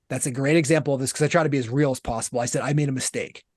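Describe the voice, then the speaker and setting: A man in his thirties giving candid interview answers, blunt and animated, with casual swearing. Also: mid-range voice, very fast, no echo, studio quality. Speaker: guest, author and business founder.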